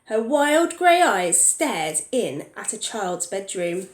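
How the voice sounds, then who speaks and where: A woman teacher reading a picture book aloud to young children, pausing to ask them questions. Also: mid-range voice, sing-song, echoey room.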